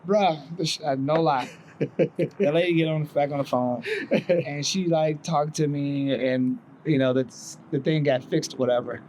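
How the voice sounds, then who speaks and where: High-voiced man telling a profane story. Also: steady tone, measured pace, darkish tone, slight background noise, poor audio. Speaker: podcast co-host. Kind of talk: casual storytelling chat.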